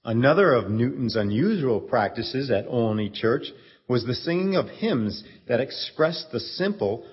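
A man narrating a story in a steady, earnest way, in a dull stage recording. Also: medium pitch, measured pace, slightly rough. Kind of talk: scripted narration. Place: church event stage.

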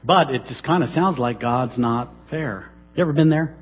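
A middle-aged man preaching a sermon in a church, dramatic, swinging between loud emphasis and hushed asides. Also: medium pitch, moderate pace, husky, faint music behind. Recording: dull, lo-fi sermon recording.

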